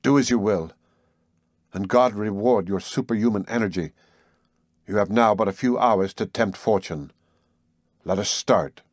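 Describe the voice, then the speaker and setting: A man's voice: on the low side, a little slow, pauses often, dry recording, studio quality. Man as desperate young nephew, pleading, agitated. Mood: resigned.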